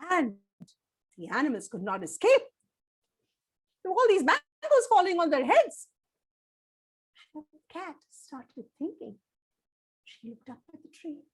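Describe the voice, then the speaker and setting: A woman with a high, bright voice tells a children's story live. She is animated and expressive, asking her listeners questions and pausing for effect. Her delivery is warm in tempo and playful in tone. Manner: animated, addresses listeners directly, dramatic pauses.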